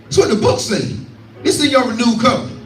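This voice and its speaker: A man's voice: extremely high pitch, a little fast, a bit bright, slight background noise. A man preaching a scripture teaching, repeating lines and calling out to his listeners. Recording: echoey room, voice from far off.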